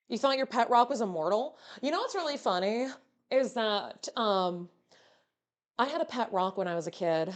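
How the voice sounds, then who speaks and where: Animated, teasing woman streamer. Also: fairly high pitch, normal speed, long pauses. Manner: playful, teasing, swears freely. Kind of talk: casual live-stream chat.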